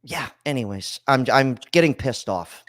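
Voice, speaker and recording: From a home studio in Florida, a man hosts a call-in podcast, and in casual chat he swears and rants bluntly about living costs. His medium-pitched voice is animated at a normal speed, captured in a dry, clean studio recording.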